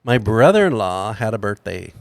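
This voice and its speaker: A man's voice: fairly low pitch, very animated, normal speed, gravelly, dry recording. A middle-aged man on a podcast, telling a family story in casual chat and acting out the quoted lines. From California. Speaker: podcast host.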